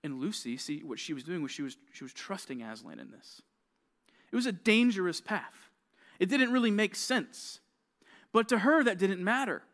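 Animated young man preaching to teens. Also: high voice, normal speed. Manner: conversational, animated storytelling with quoted voices. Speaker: junior high youth pastor. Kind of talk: youth sermon.

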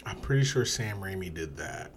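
A man's voice: deep voice, animated, moderate pace, a little hiss or hum. A man in casual conversation, talking bluntly with strong opinions and casual swearing. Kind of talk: casual chat.

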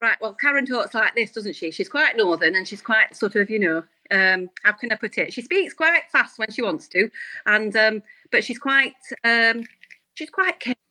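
A woman's voice: on the high side, lively intonation, sharp tone, no room sound, poor audio. Karen, a woman doing a careful northern lady. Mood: explaining. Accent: Northern English. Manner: quick but careful, fussy.

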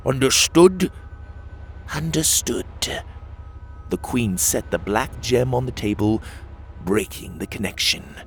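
A man narrating a children's fantasy audiobook in a measured, dramatic way. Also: fairly low pitch, vocal fry, fairly bright tone. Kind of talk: audiobook storytelling. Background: faint music.

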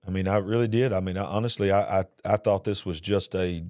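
A middle-aged man giving an earnest personal testimony about his past, retelling it slowly and with feeling. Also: low-pitched, fairly even intonation, darkish tone, no room sound, studio quality. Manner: earnest, drawn-out emotional retelling. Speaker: speaker sharing his life story.

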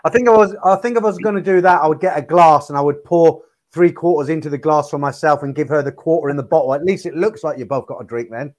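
Man, talk-show guest, high voice, inquisitive, halting restarts. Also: a little mellow. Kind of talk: casual chat.

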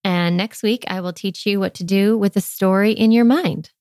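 A woman's voice: medium pitch, fairly even intonation, moderate pace, no echo. Chatty woman podcast host, dry sound. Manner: warm, chatty, lots of "like" fillers. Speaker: parenting podcast host and coach. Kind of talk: podcast monologue.

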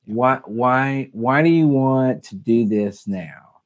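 A man's voice: medium pitch, takes it slowly. A man giving advice as a podcast guest, talking casually and explaining step by step, often rephrasing himself as he goes. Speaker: guest admissions advisor.

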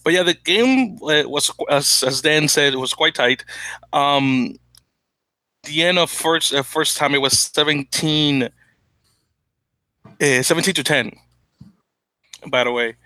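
A man's voice: on the high side, takes it slowly, long pauses, sharp tone, no room sound. A young man from the Dominican Republic hosting a casual sports podcast, rambling and correcting himself with frequent laughs. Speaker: podcast host.

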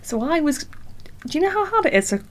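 A woman's voice: sits high, sing-song, fast talker, a little hiss or hum. A woman, a singer-songwriter guest, chatting casually in an interview and laughing at herself. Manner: chatty, self-deprecating, full of "like".

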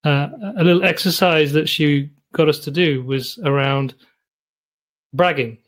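A British man talks in a casual conversation, reflective and thoughtful. His voice is somewhat higher than average. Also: steady tone, measured pace. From United Kingdom.

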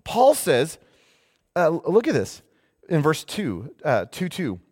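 A man's voice: a little high, huge pitch swings, slow pace, a little mellow, slightly rough, big-room sound. A man preaching a sermon as pastor, emphatic, repeating his phrases and often starting with "hey".

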